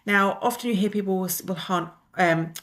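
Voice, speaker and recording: A woman teaching a wellness lesson, calmly and gently guiding the listener through breathing exercises. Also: mid-range voice. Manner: calm, gently instructive, slows down to guide exercises.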